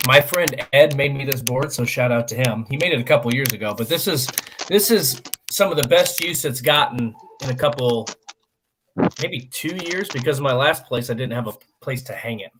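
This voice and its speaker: A man's voice: medium pitch, expressive, normal speed, background noise. Joking male sports radio co-host. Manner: chatty and joking. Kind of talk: casual sports radio chat.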